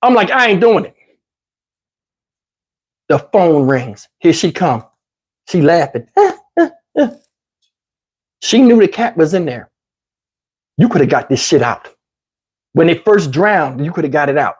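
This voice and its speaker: A man casually telling a story to his channel, in a slangy, profane, lively way. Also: fairly high pitch, a little slow, long pauses, slightly rough. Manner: profane, slangy, lively retelling with acted-out quotes.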